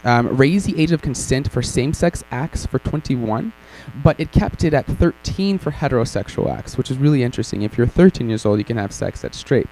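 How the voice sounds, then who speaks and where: Gravelly-voiced man giving a casual presentation. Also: mid-range voice, mellow, rough recording. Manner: irreverent, joking asides with frequent ums. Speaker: workshop presenter. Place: conference session room.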